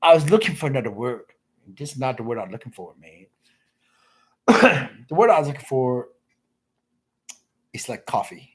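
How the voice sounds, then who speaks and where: Husky rambling man muttering to himself. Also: very animated, normal speed, long pauses. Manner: mumbling, trailing off into low asides; crude, rambling, self-interrupting. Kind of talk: rambling off-the-cuff commentary.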